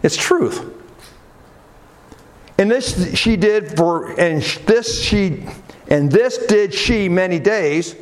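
Animated preacher, lively pitch. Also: male voice, slow, long pauses. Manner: animated, conversational preaching with asides to the congregation. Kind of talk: sermon.

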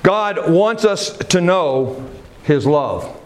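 A man's voice: on the high side, animated, very slow, slight background noise. A man preaching a sermon in a church, talking casually and putting questions to his congregation. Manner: conversational, asks questions of the congregation.

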